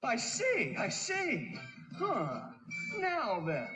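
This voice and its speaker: A man voicing a puzzled, excitable male cartoon sidekick in vintage cartoon dialogue, easily riled. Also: extremely high pitch, drawn-out words, over loud music, heavily acted. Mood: bewildered.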